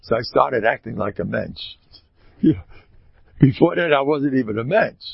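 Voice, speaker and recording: A man giving a storytelling sermon, talking in an animated way with sudden loud, emphatic rises. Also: medium pitch, a little slow, creaky, slightly rough, no echo. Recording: dull lo-fi dry recording.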